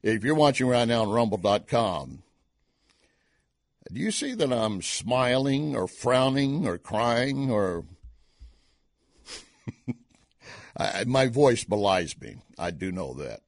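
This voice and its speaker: A man's voice: mid-range voice, sing-song, takes it slowly, pauses often, no room sound, clean studio sound. A man hosting a live online talk show, giving opinionated news commentary with sarcastic asides and rhetorical questions to his viewers.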